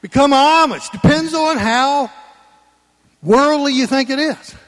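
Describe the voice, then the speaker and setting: A man preaching a Sunday sermon in church, folksy and conversational, swinging between loud emphatic lines and quiet low asides. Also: a little slow, big-room sound. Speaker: pastor.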